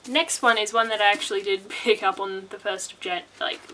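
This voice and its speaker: A woman's voice: mid-range voice, fairly even intonation, a little fast, bright, forceful tone, a little hiss or hum, poor audio. A chatty, bubbly woman talking casually about books she plans to read, with restarts and laughs. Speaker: book vlogger. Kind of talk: casual book chat.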